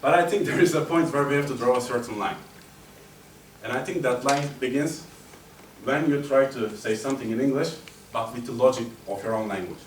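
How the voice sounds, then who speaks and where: A man giving a humorous speech at a speaking club, telling stories in a chatty, animated way. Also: medium pitch, a little fast. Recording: roomy echo, distant mic, faint hum.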